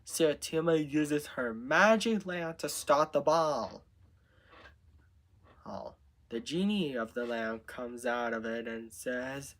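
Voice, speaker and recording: A man improvising a story out loud, narrating in a halting way with restarts. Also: mid-range voice.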